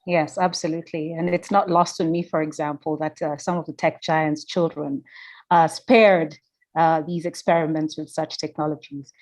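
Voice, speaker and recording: A woman with a fairly low voice moderates an online panel over a video call. She frames her questions in full, articulate sentences and speaks at a measured pace. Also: steady tone, darkish tone.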